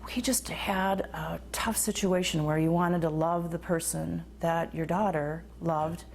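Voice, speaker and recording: A woman's voice: lowish voice, steady tone, a little slow, gravelly, slight background noise. A middle-aged grandmother in a news interview, speaking with grief and emotion. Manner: grieving, emotional.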